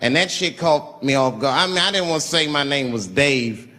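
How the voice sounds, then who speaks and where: Animated male stand-up comedian. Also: moderate pace, in a large hall. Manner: animated storytelling with swings in pitch and volume.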